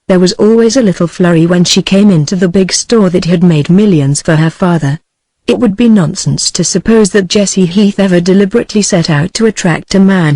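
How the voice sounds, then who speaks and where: A synthetic woman's voice with a British English accent, reading a novel aloud in a steady, even manner. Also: fairly low pitch, no room sound. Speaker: audiobook narrator. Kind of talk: text-to-speech book reading.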